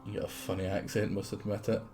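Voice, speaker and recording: A man's voice: fairly low pitch, little pitch movement, quick pace, a little mellow, soft background music. A Scottish man streaming a game live, rambling casually, swearing freely and talking back at the game. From Scotland. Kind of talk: casual live gameplay commentary.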